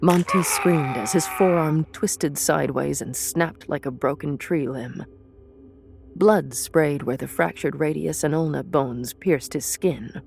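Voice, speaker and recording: A woman narrating a fantasy story in a measured, deliberate way. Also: deep voice, vocal fry, a little mellow. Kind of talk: audiobook narration of a fantasy serial.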